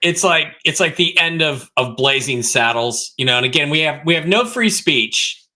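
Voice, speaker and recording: Bright-voiced blunt male co-host. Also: a little high, lively intonation, moderate pace. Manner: blunt, provocative banter. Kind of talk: casual sports chat.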